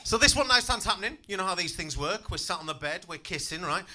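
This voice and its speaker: A man's voice: high voice, animated, quick pace, pushed and bright. A man in his twenties doing a stand-up comedy set on a club stage, cheeky and self-deprecating, swearing freely and bantering with the crowd. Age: 20s.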